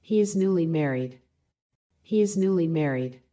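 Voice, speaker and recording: Woman, careful language-course reader, repeats each phrase, mellow voice. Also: deep voice, animated, moderate pace. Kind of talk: slow repeated phrase reading for learners.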